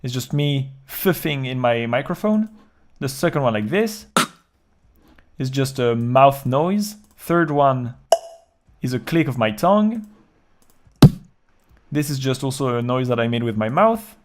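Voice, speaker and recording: A man explaining step by step how he produced a track in his home studio, in a calm, even way. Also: mid-range voice, measured pace, pauses often, a little hiss or hum. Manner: calm step-by-step walkthrough, counting beats aloud. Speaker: music producer. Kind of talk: explaining a music production process.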